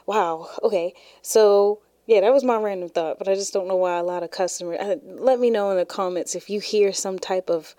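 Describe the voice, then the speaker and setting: A woman's voice: medium pitch, normal speed, hardly any pauses, warm tone, dry recording, clean studio sound. A woman hosting her own podcast, talking casually and laughing often as she shares stories. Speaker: podcast host. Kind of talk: casual solo podcast chat.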